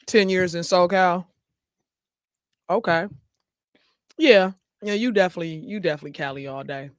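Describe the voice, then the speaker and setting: Brief: higher-pitched male host, chatty, laughs a lot, reads comments to the camera. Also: normal speed, clean tone, dry recording, studio quality. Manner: chatty, laughs often, talks to viewers directly. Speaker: show host. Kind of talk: casual chat, reading viewer comments aloud.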